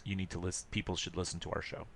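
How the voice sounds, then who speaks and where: A man co-hosting a casual sports podcast, talking in an animated, rambling way and laughing often. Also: sits low, racing, vocal fry. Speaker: podcast co-host.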